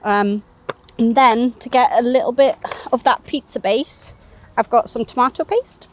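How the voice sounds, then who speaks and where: A woman's voice: fairly high pitch, steady tone, unhurried. A woman chatting casually while showing how she makes toasties outdoors on a fishing bank, laughing often. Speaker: co-presenter, cooking on the bank. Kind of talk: casual cooking demo chat.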